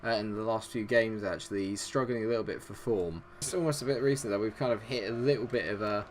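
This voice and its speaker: A man giving live commentary over his own football video game, calm and chatty between chances and shouting when his side scores. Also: fairly low pitch, fast talker, slight background noise. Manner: excitable football-style commentary, shouts at goals. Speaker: gaming YouTuber.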